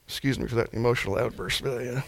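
This gentle preacher gives a relaxed, easygoing sermon at a quick pace, his voice creaky. For a man, his pitch is an unremarkable middle, neither low nor high.

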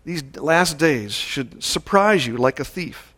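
A male pastor delivering a sermon at a church service, measured and slowing down to stress key words. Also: fairly high pitch, animated, sharp tone.

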